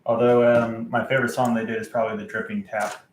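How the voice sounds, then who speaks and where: This is a low-quality recording with a roomy sound and a bit of hiss or hum, featuring a man's flat, medium-pitched voice. He rambles and halts through a vlog about his records, relying on fillers and muttering to himself while searching.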